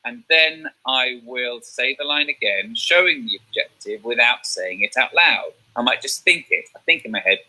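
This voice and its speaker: A man's voice: mid-range voice, normal speed, hardly any pauses, bright, forceful tone, poor audio. A man teaching a drama revision lesson, explaining step by step and checking in with "okay?".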